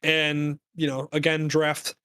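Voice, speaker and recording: A man co-hosting a podcast, talking sports in a casual, animated, rambling rant full of fillers. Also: fairly high pitch, slow, clean tone, dry recording. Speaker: podcast co-host.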